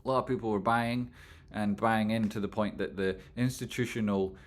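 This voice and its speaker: A man's voice: on the low side, steady tone, moderate pace. A man hosting a casual livestream, rambling and swearing freely as he answers viewers' chat. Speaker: livestream host reading chat.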